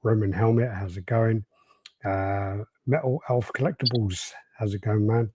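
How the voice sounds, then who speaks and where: A man's voice: lowish voice, fairly even intonation, unhurried, warm tone, husky. A man co-hosting a podcast, laid-back and jokey, greeting live chat and chatting casually. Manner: laid-back, jokey, does silly impressions. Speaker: podcast co-host.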